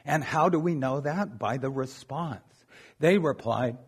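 A man's voice: a little high, expressive, measured pace, a bit bright, breathy edge. A man preaching a sermon in a conversational, joking way, often checking in with "okay?".

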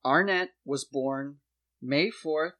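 A man hosting a comedy podcast, laying out a mock conspiracy theory in a deadpan voice with dramatic emphasis. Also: fairly high pitch, slow.

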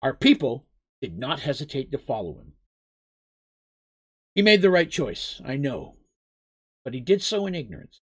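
A man's voice: mid-range voice, sing-song, normal speed, long pauses, a bit bright, breathy edge. A man reading a letter as a proud, earnest gully king writing to old friends, in a storybook reading. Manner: earnest, letter read in a plain voice.

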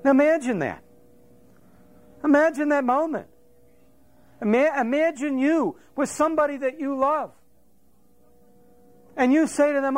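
Middle-aged male pastor, high-pitched, dramatic storytelling sermon delivery. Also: unhurried, long pauses. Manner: storytelling, acts out quotes and crowing.

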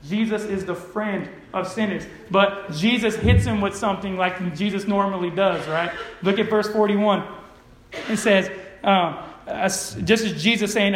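A male pastor preaching emphatically, often checking in with his listeners and swinging between loud urgency and soft earnestness. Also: high voice, normal speed. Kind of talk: sermon. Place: church sanctuary. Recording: echoey church room.

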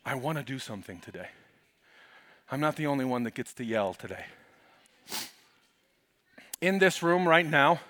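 A male pastor preaching a sermon in a church, telling the story dramatically and swinging from hushed to loud. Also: mid-range voice, lively intonation, normal speed, long pauses.

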